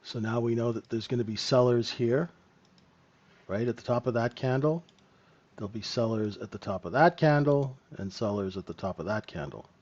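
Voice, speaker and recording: A trading room host and trainer leads a live lesson conversationally, tacking "right?" onto many points. His medium-pitched voice is a little mellow at a moderate pace, and the recording sounds muffled.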